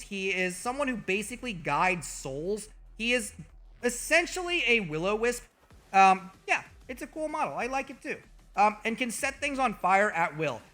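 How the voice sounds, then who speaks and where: A man's voice: sits high, sharp tone. A man streaming as a VTuber, talking in a loose, profane, mock-boastful way to his chat. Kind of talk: casual livestream commentary.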